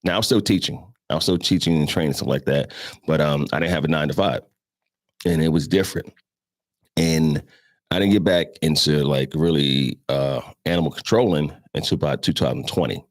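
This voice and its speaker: A man in his fifties hosts a show in a rumbling low voice at a brisk pace, telling stories loosely and conversationally. He addresses his listeners directly as "y'all" and acts out voices in this casual monologue. The sound is clean studio quality with no echo.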